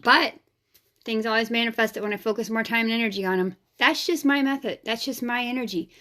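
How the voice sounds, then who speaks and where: A woman with a fairly high voice hosts her own vlog as an energy healer. She talks in a frank, casual way and puts strong emphasis on her points, dropping the odd swear word. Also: fairly even intonation, brisk, bright, forceful tone. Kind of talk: casual spiritual vlog talk.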